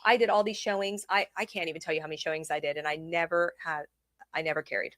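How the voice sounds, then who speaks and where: A woman, a real estate consultant, telling a dramatic story in a casual interview, animated and laughing often. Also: sits low, fast talker, slight background noise.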